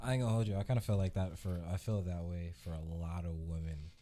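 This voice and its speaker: Man, lowish voice, reaction show host, blunt, profane, casual commentary. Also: level tone, quick pace, warm tone. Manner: blunt, profane, laughing asides.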